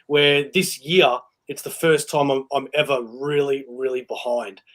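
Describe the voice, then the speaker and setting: A man hosting a casual chat, telling stories in an animated way and laughing often. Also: mid-range voice, unhurried. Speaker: host.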